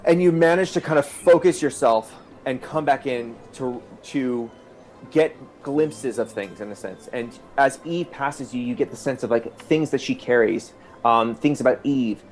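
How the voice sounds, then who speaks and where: A man's voice: medium pitch, faint music behind. A man narrating a tabletop role-playing game as game master, rambling, with fillers and restarts. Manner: rambling, with fillers and restarts, quickening in tense moments.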